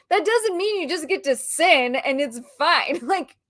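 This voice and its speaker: A woman co-hosting a casual chat, talking in an animated, ranting way and laughing often. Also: high-pitched, unhurried. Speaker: co-host.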